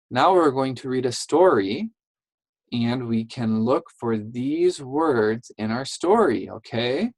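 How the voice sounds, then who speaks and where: A woman teaching a phonics lesson to young English learners, saying each word slowly and clearly and praising the children. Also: a bass voice, lively intonation, a little mellow, no room sound, rough recording. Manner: slow, clearly enunciated, encouraging classroom talk.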